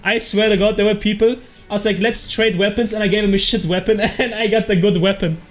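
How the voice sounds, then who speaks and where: A young man streaming a game, chatting casually with slang, laughing and jumping into sudden high yelps. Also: steady tone, fairly quick. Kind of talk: casual gaming livestream chat.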